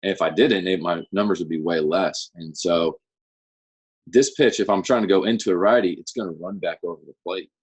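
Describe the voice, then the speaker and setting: Guest voice: young man, deep and husky, easygoing rambler with lots of "you know" and "um". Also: fairly quick. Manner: relaxed, rambling with fillers. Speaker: guest, pro baseball pitcher. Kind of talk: casual interview chat.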